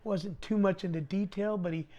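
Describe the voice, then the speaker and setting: Brief: middle-aged male guest, animated storyteller, slangy, slightly high voice. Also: normal speed. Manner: animated, slangy, acts out dialogue. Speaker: podcast guest. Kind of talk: casual storytelling.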